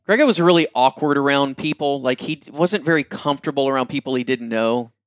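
A man's voice: mid-range voice, fairly quick, no echo. A man, casually telling funny stories on a podcast and acting out what people said. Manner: laughing, animated anecdotes with quoted voices. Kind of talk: casual storytelling chat.

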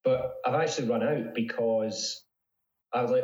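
A man's voice: medium pitch, steady tone, moderate pace, a little mellow, roomy sound, muffled recording. A man speaking as a psychology researcher guest in a casual interview, chatty with frequent restarts. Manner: chatty, with many restarts and laughs.

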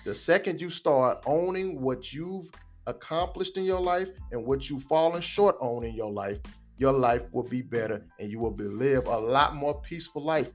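A man's voice: medium pitch, moderate pace, soft background music. Emphatic man hosting a podcast. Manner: preachy, emphatic motivational delivery. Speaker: podcast host and life coach. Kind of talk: casual podcast chat.

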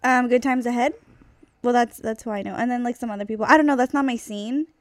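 A woman's voice: a little high, fast, no echo. Chatty woman podcast host. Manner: chatty, laughs easily, swears casually. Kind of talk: casual chat.

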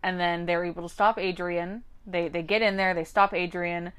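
A woman's voice: lowish voice, moderate pace, smooth. A woman co-hosting a casual TV recap chat, acting out characters' lines as she goes. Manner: animated, acts out characters' lines. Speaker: podcast co-host.

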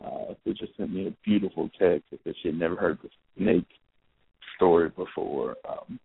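A man's voice: deep voice, normal speed, vocal fry, a little hiss or hum. A man in his thirties hosting a podcast, telling a rambling story on his phone. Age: 30s. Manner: rambling, with fillers and self-corrections. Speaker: podcast host. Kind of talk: casual storytelling monologue. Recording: tinny phone-like, dry.

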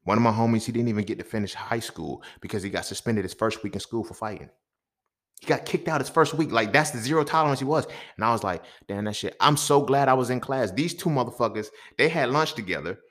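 A man hosting a podcast, telling a story in a casual, profane monologue that swings between loud outbursts and quiet asides. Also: medium pitch, fast. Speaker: podcast host.

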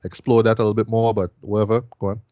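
A man's voice: fairly low pitch, flat delivery, fast, mellow, no echo, muffled recording. A man hosting a casual film podcast, easygoing, laughing along and steering the talk. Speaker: podcast host. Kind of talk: casual chat.

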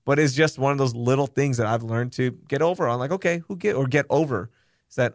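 A man hosting a podcast, talking candidly and swearing freely as he acts out his own thoughts in quotes. His voice sits at an everyday middle pitch, and it is recorded dry and close with no room sound. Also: fast, no echo. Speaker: podcast host. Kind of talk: casual chat.

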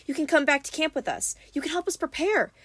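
A woman's voice: high-pitched, big pitch swings, fast, a bit bright, dry recording, pitched above the performer's own voice. A practical teenage girl urges her friends on in a firm, raised voice, as a woman reads her in a storybook. The sound is close and dry. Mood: urging.

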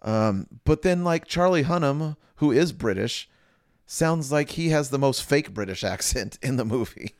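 A man's voice: medium pitch, expressive, unhurried, no room sound, clean studio sound. A man co-hosting a casual podcast, rambling in a laid-back way with lots of filler words. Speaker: podcast co-host, barber. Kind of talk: casual chat.

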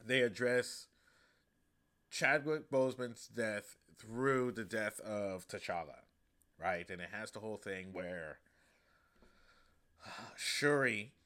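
Bright-voiced man recapping a film. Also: fairly low pitch, slow, pauses often. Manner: profane, slangy, animated retelling. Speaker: podcast host. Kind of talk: casual comedic movie recap.

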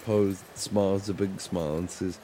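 A man's voice: deep voice, fairly even intonation, moderate pace, mellow. A man playing a tabletop role-playing game, casually describing his character's actions. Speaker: player. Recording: background noise.

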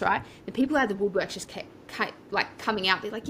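An Australian woman talks as a podcast guest with a bright, forceful tone. She rambles cheerfully through her story and voices her own past thoughts aloud. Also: mid-range voice, quick pace, few pauses, slight background noise. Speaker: podcast guest, property coach. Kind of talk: casual storytelling interview.

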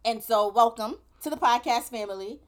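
A woman's voice: fairly high pitch, normal speed. A woman co-hosting a podcast in casual chat, telling stories with lots of animation and laughter. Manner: animated storyteller, laughing often. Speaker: podcast co-host.

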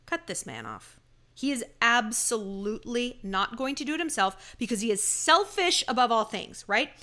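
A woman's voice: a little high, sing-song, normal speed, bright, forceful tone. A woman hosting a dating advice podcast, giving blunt, sassy advice with swearing and emphatic asides. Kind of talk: casual advice monologue.

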